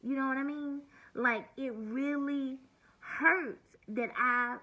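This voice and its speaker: Forties woman, vlog rant, sharp bright higher voice, blunt and cussing, hurting. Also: slow pace, lo-fi sound. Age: 40s. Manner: blunt, venting, heavy swearing. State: hurt and near tears. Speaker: vlogger. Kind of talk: emotional personal vlog monologue.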